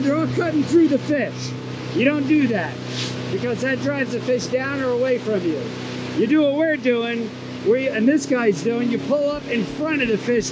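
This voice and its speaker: A man with a notably high voice gives excited commentary out on the water. He keeps exclaiming and cheering, then breaks into instructive tips on fishing technique, all spoken from a small boat outdoors. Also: noisy background. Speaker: fishing video host.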